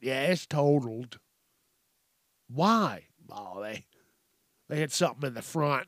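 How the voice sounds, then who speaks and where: Profane ranting man, bright and dry. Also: medium pitch, animated, slow pace, long pauses, dry recording. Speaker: podcast host. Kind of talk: casual solo rant.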